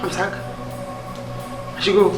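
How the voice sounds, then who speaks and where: An actor with a Nigerian accent playing a comic henpecked husband in a Nollywood comedy, pleading and blustering, mixing Igbo with pidgin. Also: male voice, unhurried, loud music behind the voice, lightly acted.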